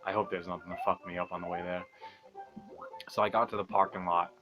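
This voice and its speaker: A young man telling a long story as he plays a video game, rambling, swearing and mocking himself, speaking softly because it is late at night. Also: low voice, level tone, fast, over music. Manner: rambling, profane, self-mocking, laughs often. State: talking quietly at night. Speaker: gaming channel host. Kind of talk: casual storytelling over gameplay.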